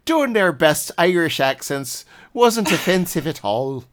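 A man's voice: fairly high pitch, sing-song, a little slow. A young man co-hosting a podcast, chatting in a wry, self-mocking way and laughing often. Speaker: podcast co-host. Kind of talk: casual chat.

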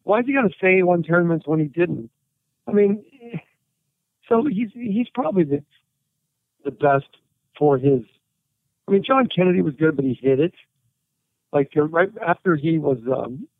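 A man, a writer and interview guest, telling animated anecdotes and quoting people as he goes. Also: fairly high pitch, no echo. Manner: animated anecdotes with quoted voices and laughter. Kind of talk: storytelling interview. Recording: tinny phone-like line.

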